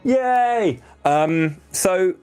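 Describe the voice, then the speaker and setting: A man's voice: sits high, expressive, very slow, a little mellow, smooth, soft background music. A man hosting a gameplay stream, chatting casually and rambling through thoughts with fillers and restarts. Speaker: host.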